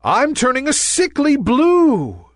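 A stubborn little rain cloud from a storybook, his voice pitched far up into a squeaky whine, as a man puts him on. Slow and dry, with big swoops of pitch. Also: huge pitch swings, no room sound, exaggerated voice. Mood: frightened. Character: childish rain cloud boy, stubborn then frightened.

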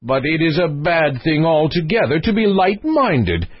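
Quarrelsome storybook queen, tearful and shrill, put on by a male reader, husky and lo-fi. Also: sing-song, moderate pace, full character voice. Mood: sharp. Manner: high, sobbing, shrill retorts. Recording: dull lo-fi recording.

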